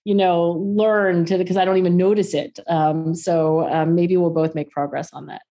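Lively middle-aged woman guest, low voice. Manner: animated, quick to laugh, acts out quoted voices. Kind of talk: casual interview conversation.

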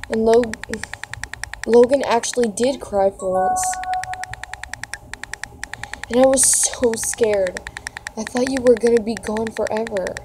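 A woman reading text messages aloud for a reaction video, breaking into dramatic, expressive outbursts. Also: on the high side, background noise.

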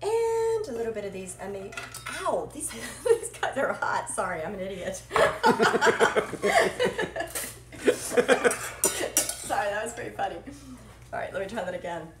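A woman's voice: medium pitch, big pitch swings, fairly quick, a little hiss or hum. A woman hosting a live cooking stream from her home kitchen, chatty, bubbly and self-deprecating. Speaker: cooking show host. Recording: echoey kitchen with faint clatter.

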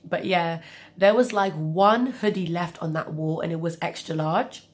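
A woman's voice: fairly low pitch, a little slow. Chatty woman with a cold. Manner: chatty, rambling with asides. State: has a cold, coughing. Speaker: vlogger. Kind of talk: casual storytelling.

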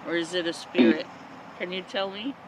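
A woman's voice: fairly low pitch, normal speed, low-quality recording. A woman investigating the paranormal for a vlog, nervously asking spirits short questions outdoors in a forest at night. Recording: outdoor traffic noise. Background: passing traffic.

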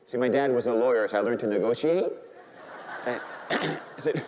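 A man's voice: mid-range voice, expressive, fairly quick, a little mellow. A male Catholic priest preaching a sermon, telling his story animatedly and bantering with the congregation. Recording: long hall reverb.

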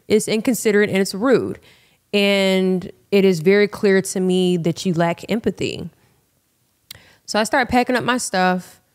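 A young woman hosting a podcast, telling a personal story in a frank, animated, casual way and calling her listeners y'all. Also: on the low side. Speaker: podcast host.

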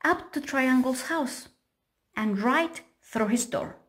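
A woman's voice: high-pitched, lively intonation, slow. A woman reading a picture book aloud for children and asking them questions. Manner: gentle storytelling with questions to children.

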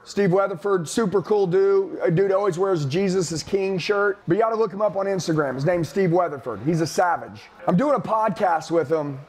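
A high-pitched man delivers an intense motivational talk to a sales team. He repeats himself and preaches about discipline and leadership. His voice sits high for a man. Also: fairly quick, hardly any pauses, a little mellow. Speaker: sales trainer.

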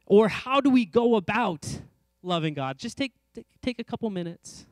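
Man, pastor, high bright voice, smooth and clear, dry close sound, earnest conversational sermon. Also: expressive, normal speed, dry recording. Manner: earnest, conversational preaching with self-deprecating asides. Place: church sanctuary.

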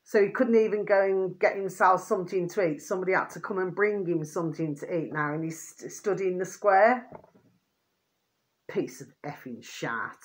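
Woman vlogger, lowish pitch, rambling, repeats pet phrases, venting. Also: fairly even intonation, fairly quick, hardly any pauses. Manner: rambling, repeats pet phrases, asks "do you see what I mean"; irritated, venting. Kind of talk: rambling casual monologue to viewers.

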